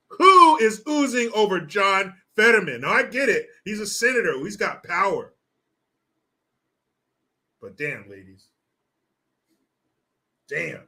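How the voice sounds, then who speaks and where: A man's voice: sits high, pushed and bright. A man hosting a livestream, talking casually and crudely, mocking with big theatrical swings. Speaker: livestream host.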